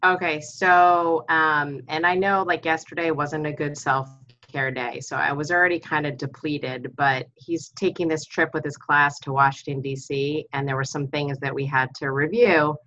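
A woman's voice: low voice, steady tone, moderate pace, sharp tone, dull audio. A middle-aged woman calling in as a mother, telling a personal story in a candid, self-critical way. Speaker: caller, mother of a teenager.

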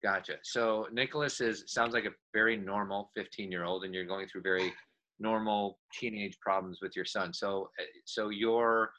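Reassuring bright-voiced male podcast host. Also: on the low side, steady tone, normal speed, a little hiss or hum, poor audio. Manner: reassuring, coaching, speaks in restarts. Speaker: podcast co-host giving parenting advice. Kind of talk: casual advice chat.

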